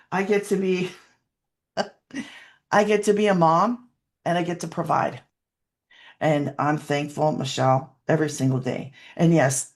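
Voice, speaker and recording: A woman giving a rambling, heartfelt personal testimonial as a webinar guest over a video call, sometimes close to tears. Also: lowish voice.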